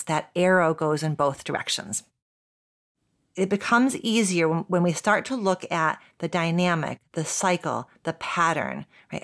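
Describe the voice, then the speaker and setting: Lower-voiced woman therapist teaching. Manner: warm, reflective, with soft laughs and spoken examples. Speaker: couples therapist and podcast host. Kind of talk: podcast teaching talk.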